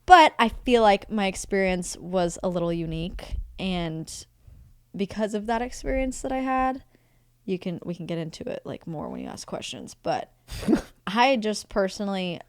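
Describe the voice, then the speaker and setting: A young adult woman, a guest on a comedy podcast, talking in an animated, emphatic way and laughing often during casual banter. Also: medium pitch, normal speed, clean tone, dry recording, clean studio sound.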